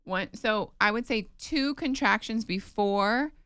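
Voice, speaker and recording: Smooth-voiced woman telling a story. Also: mid-range voice, slow pace, dry recording. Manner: animated storyteller, emotional, many "like" fillers. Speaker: podcast co-host. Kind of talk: casual chat, telling a birth story.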